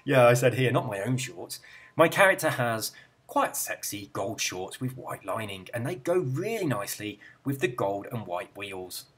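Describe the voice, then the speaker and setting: An Englishman with an English accent talks in a loose, rambling chat as a gaming host. His pitch jumps around in a lively way, and he is often self-deprecating. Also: normal speed, husky. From England. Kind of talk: casual chat reading viewer comments.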